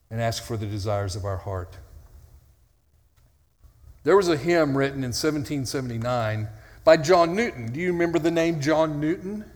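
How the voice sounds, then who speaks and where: A male pastor preaching an earnest, conversational sermon with dry, self-mocking humor. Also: a little high. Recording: long hall reverb.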